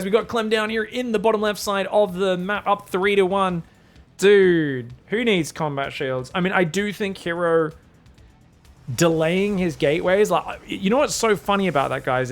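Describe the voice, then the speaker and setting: A high-pitched man calls a live match in a put-on British accent over his native Australian one. He is jokey and excitable and keeps breaking into loud yells, with faint music playing under him. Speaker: esports caster. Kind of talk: live game commentary.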